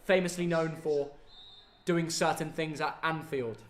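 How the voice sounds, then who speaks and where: Young male co-host, high-voiced, excitable banter, echoey room. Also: unhurried. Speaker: co-host of football reaction stream. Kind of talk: casual chat.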